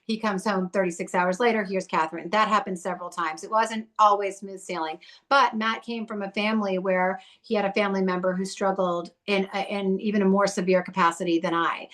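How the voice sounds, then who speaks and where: A woman guest on a podcast tells her story candidly and with heat. She talks bluntly, swears freely and swings between rage and tenderness. Her voice sits at a middle pitch. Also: fairly even intonation, a little fast, hardly any pauses, fairly bright tone. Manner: blunt, profane and fiery.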